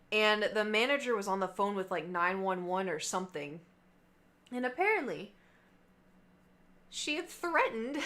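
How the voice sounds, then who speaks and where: A young woman telling a long story casually to her stream chat, acting out the people in it with lots of fillers. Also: mid-range voice. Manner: chatty, animated quoting of others, many fillers.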